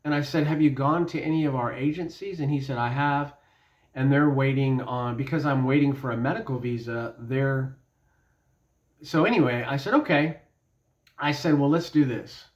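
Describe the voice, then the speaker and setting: A man's voice: mid-range voice, moderate pace. A man giving an informal devotional Bible talk, telling stories in a folksy, conversational way with fillers. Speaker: Bible teacher. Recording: dull lo-fi sound.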